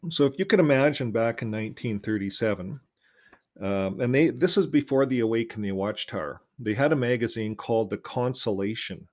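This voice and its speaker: A man's voice: mid-range voice, animated, a little fast, a little mellow. A man hosting his own channel, talking loosely with many fillers and reading out passages from old religious magazines. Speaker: channel host.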